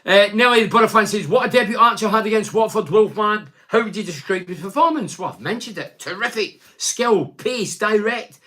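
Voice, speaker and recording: Scottish fella on a call-in show, blunt and outspoken, bit higher voice. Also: male voice, expressive, fairly quick, hardly any pauses, pushed and bright. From Scotland. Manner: blunt, outspoken, reads out listener messages. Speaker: radio phone-in host. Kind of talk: casual call-in chat.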